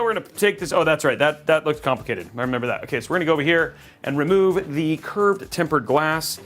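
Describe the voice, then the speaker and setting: A chatty, upbeat man hosts a live stream from a studio. He talks loosely and cheerfully in a fairly high voice and rambles as he goes. Soft music sits faintly behind him. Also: expressive, fast talker, hardly any pauses. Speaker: livestream host building a PC. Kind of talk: casual live-stream chat.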